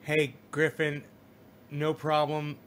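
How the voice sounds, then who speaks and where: A man's voice: fairly high pitch, monotone, takes it slowly, fairly bright tone. A middle-aged man hosting a casual livestream, reading viewer comments aloud and lecturing them in a rambling, profane way. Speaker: live streamer reading chat.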